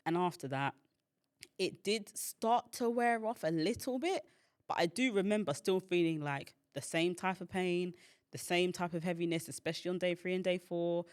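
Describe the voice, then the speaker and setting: A woman's voice: lowish voice, normal speed, clear, resonant tone. A woman hosting a podcast, telling a personal story in a chatty way, full of fillers and acted-out quotes. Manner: chatty, filler-heavy, acts out quoted voices. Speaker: podcast host and founder.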